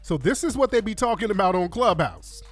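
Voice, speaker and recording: Male radio host, blunt and slangy, slightly high voice, faint music under him. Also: very animated, brisk. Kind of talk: commentary over played clips.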